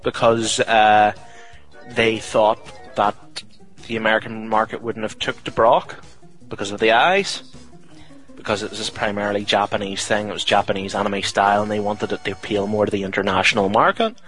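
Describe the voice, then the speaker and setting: Chatty young man, lowish voice. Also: steady tone, moderate pace, a bit bright, soft background music, poor audio. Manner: chatty, jokey, rambling with fillers. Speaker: podcast host. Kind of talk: casual chat.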